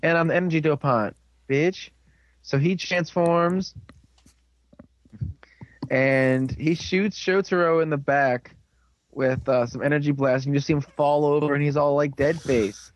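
A young man recapping a show in a rambling, animated way with lots of fillers. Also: a little high, measured pace, pauses often. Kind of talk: casual recap chat. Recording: dull lo-fi recording.

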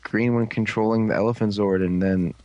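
A man's voice: on the low side, steady tone, brisk, darkish tone, no room sound, dull audio. A man chatting casually about a TV show, hesitant and restarting his sentences. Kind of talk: casual fan chat.

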